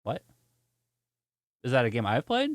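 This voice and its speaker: A man's voice: medium pitch, wildly swooping pitch, unhurried, no room sound, clean studio sound. A man streaming games, chatting casually and telling a story with lots of laughter while answering viewer chat. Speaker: gaming streamer.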